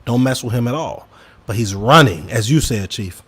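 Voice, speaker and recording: A man talks through an opinion podcast in a mid-range voice. He turns emphatic, jumping up into loud, high bursts and then dropping into low, quiet mutters. He speaks straight to his listeners in a loose, conversational way. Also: animated, moderate pace, slightly rough. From Chicago. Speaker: podcast co-host. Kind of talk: casual opinion commentary.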